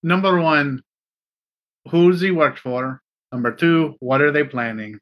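A man's voice: a little high, a little slow, muffled recording. A man playing a tabletop game, talking hesitantly with fillers. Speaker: player. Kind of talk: casual tabletop game play.

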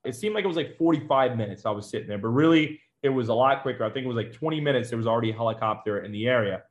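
A man's voice: mid-range voice, lively intonation, racing, dull audio. A man who served as a Marine, telling his own story in an interview, conversational and matter-of-fact with fillers and restarts.

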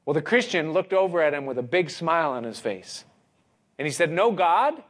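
A man preaching a sermon, speaking expressively with dramatic pauses and rising emphasis. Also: on the high side, animated.

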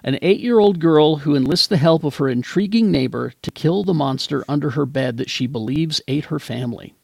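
A man's voice: fairly high pitch, fairly quick, gravelly, darkish tone, slight background noise. A man hosting a casual pop-culture chat show, talking in a rambling, chatty way with plenty of fillers. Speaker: podcast host.

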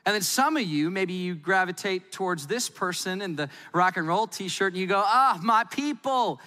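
Bright-voiced man preaching in a reverberant hall. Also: sits high, moderate pace. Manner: lively, playful, conversational preaching. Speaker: pastor. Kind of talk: sermon.

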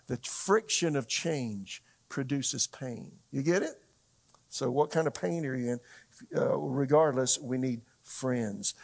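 Male pastor, gravelly voice, medium pitch, halting conversational sermon with fillers.

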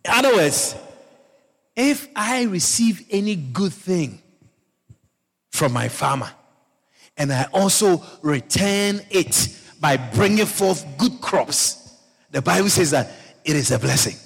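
A man preaching with a high, lively voice that leaps from near-shouts to soft, husky murmurs. He is a pastor mixing scripture with everyday stories. His words ring out with a long reverb, as in a big hall. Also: takes it slowly, long pauses. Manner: animated, swinging from loud exclamations to low murmurs. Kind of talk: sermon with personal storytelling.

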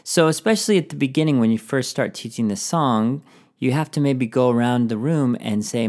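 A man's voice: mid-range voice, normal speed, a little mellow. A man hosting a teaching podcast, giving encouraging classroom tips and often singing short phrases.

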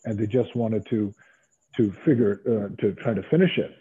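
Husky-voiced man, ex-wrestler guest, rambling anecdotes, phone-quality audio. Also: lowish voice, normal speed. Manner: rambling, animated, many fillers and restarts. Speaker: former pro wrestler as guest. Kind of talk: casual storytelling. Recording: tinny phone-like line.

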